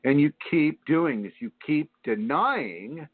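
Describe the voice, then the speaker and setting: A man's voice: a little high, expressive, slow, few pauses, breathy edge, no echo. A man hosting a spiritual radio show, talking in a rambling, repetitive, preachy way with many fillers. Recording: tinny phone line, dry.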